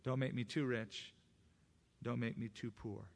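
Male preacher, mid-pitched, expressive delivery that dramatizes quotes and testimony in the pulpit. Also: unhurried, creaky. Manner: personal testimony. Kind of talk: sermon.

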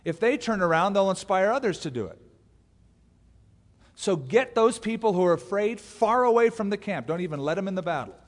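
Male pastor, lively and humorous sermon delivery, lilting tone, long church-hall echo. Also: high voice, a little fast. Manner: animated storyteller who acts out quotes with humor. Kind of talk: expository Bible teaching sermon.

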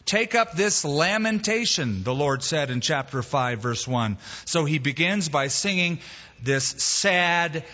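Animated man preaching in a reverberant hall. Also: a little high. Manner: animated storytelling, emphatic quotes. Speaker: pastor. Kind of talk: expository sermon with humor. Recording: dull reverberant hall recording.

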